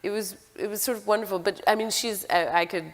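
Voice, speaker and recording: A woman being interviewed, talking in a halting, enthusiastic way with many restarts. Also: mid-range voice, steady tone, long reverb tail. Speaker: film director, interview guest. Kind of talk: casual interview talk.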